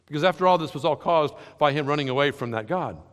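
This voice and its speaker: A man preaching a sermon, swinging between loud emphatic lines and soft, quiet ones. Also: on the high side, expressive, quick pace, in a large hall. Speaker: pastor.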